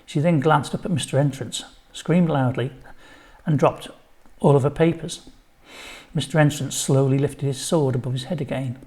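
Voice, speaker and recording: A man's voice: mid-range voice, moderate pace, a little mellow. An older man reading his own children's story, chatty, with asides to the listener.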